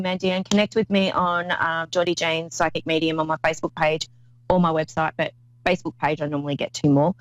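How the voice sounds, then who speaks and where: A woman with a lowish voice hosts a call-in psychic reading show as a medium, speaking effusively and rambling, with many restarts. The recording is dry and rough.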